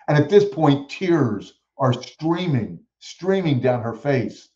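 A man telling stories as a guest in an interview, acting out the people he quotes with lively energy. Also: mid-range voice, takes it slowly, reverberant, dull audio. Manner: animated storyteller who acts out quoted voices. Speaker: guest speaker. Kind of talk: storytelling in a podcast interview.

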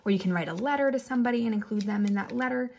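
A woman teacher giving a relaxed, chatty remote lesson to children, with animated examples and little asides. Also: on the high side, racing, slight background noise.

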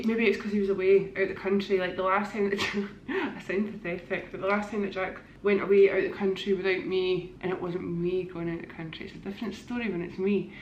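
A Scottish woman vlogs in a gushing, chatty way, filming herself on a handheld camera. Her voice sits at an ordinary middle pitch. The hotel room around her echoes, and a faint hum runs underneath. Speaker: vlogger. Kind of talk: casual vlog chat.

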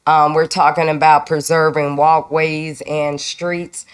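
A woman's voice: low-pitched, level tone, slow pace, clear, resonant tone. An older woman making an emotional, indignant public comment at a city council meeting. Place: council chamber.

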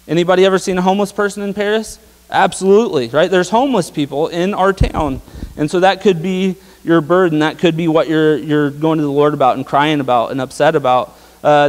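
A young man preaching a casual sermon, talking conversationally with lots of fillers and tag questions. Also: fairly high pitch. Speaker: pastor. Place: church sanctuary. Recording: long hall reverb.

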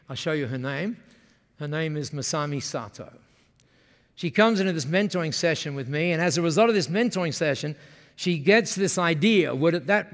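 A man giving an enthusiastic storytelling keynote at a business forum, asking the audience questions, recorded in a large conference hall. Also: a little high. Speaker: keynote speaker. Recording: long hall reverb.

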